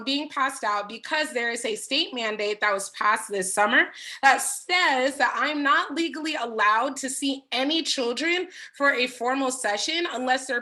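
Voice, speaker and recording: A woman school social worker speaking to families at a town hall in a high, bright voice. She explains things in a friendly way, with frequent ums, and her tone is clear and lively.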